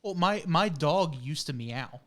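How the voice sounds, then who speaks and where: A man co-hosting a casual podcast chat, telling lively stories and acting out his dog's noises. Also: a little high, unhurried. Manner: animated storyteller, acts out his dog's noises. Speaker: podcast co-host.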